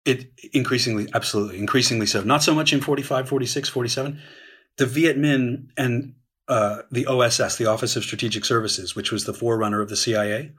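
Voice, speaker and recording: A man's voice: mid-range voice, a bit bright, slightly rough. A man in a conversational discussion, explaining at length, often restarting sentences and using fillers. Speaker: historian guest.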